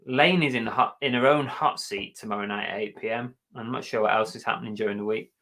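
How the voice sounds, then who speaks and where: A man's voice: lowish voice, steady tone, fast, creaky, fairly bright tone. An English man hosting a casual live chat, joking around and reading out viewer comments. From England. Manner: jokey, chatty, reads out viewer comments. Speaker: livestream host.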